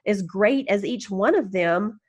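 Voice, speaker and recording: A woman guest on a podcast interview, telling self-mocking stories in an animated, encouraging way and laughing as she goes. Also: mid-range voice, measured pace, husky. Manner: encouraging, upbeat. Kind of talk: casual storytelling interview.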